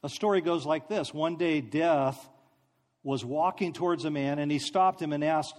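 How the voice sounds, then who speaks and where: Brief: high-pitched male preacher, animated, self-mocking storyteller, hall reverb. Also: normal speed. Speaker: speaker. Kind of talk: sermon storytelling.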